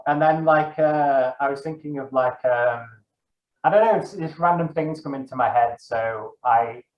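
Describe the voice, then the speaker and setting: A man's voice: medium pitch, moderate pace. Man chatting in an echoey room. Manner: rambling, self-correcting, many fillers. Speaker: guest, dungeon master. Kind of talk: casual interview chat. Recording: echoey, dull lo-fi room sound.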